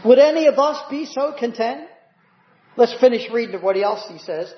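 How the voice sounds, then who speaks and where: A man's voice: very high voice, expressive, normal speed. A male pastor preaching a sermon, often asking the congregation "Amen?". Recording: roomy, dull church recording.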